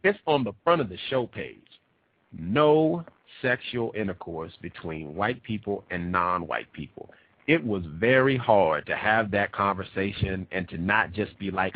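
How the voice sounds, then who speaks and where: A tired man hosting a radio show, talking in an animated, emphatic way and repeating points for effect. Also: low-pitched, measured pace, slightly rough. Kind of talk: animated talk at a conference. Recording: tinny phone-like dry recording.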